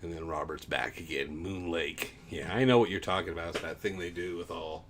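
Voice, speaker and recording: Deep-voiced man chatting on a livestream. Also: a little fast, a bit bright, a little hiss or hum. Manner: rambling, chuckling, easygoing. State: a bit low on energy from the heat. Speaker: livestream host. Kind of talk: casual chat reading live comments.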